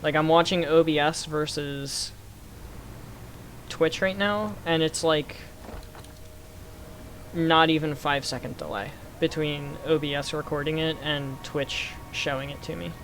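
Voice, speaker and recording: A young man chatting casually with his live-stream chat, reacting with quick excited outbursts. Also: a little high, slight background noise. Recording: game music playing behind.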